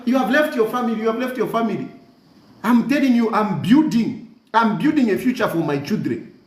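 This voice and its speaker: His voice is extremely high and reverberant. A Zambian-accented commentator rants fervently for social media, mocking, repeating points, mixing languages and letting out scornful laughter.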